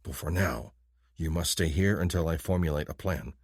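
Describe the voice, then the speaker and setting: A man's voice: a bass voice, moderate pace, a little mellow, breathy edge, dry recording, studio quality. A male audiobook narrator voicing a smitten alien chief's son who speaks formally and earnestly. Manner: formal, solemn, no contractions. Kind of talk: audiobook character voice.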